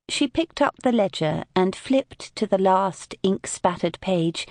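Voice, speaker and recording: Expressive woman audiobook narrator. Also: medium pitch, no room sound, studio quality. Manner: expressive, measured storytelling.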